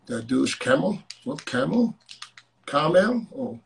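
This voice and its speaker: A man running a live call-in stream in a loose, casual way. He talks bluntly and teases his callers, with swearing mixed in. His voice sits a little high for a man. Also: very animated, slow pace, gravelly, slight background noise. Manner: blunt, joking, swears freely. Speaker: host of a live call-in show.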